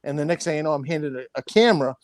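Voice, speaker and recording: A man's voice: on the high side, animated, racing, no echo, studio quality. A middle-aged man telling a long, profane story in casual chat, rambling with many restarts. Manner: rambling, swears often, restarts. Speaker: storyteller guest.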